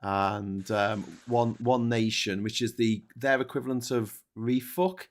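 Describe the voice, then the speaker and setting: A man's voice: medium pitch, a little slow. A man hosting a casual chat show, chatty, swearing freely and laughing often. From England. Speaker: host.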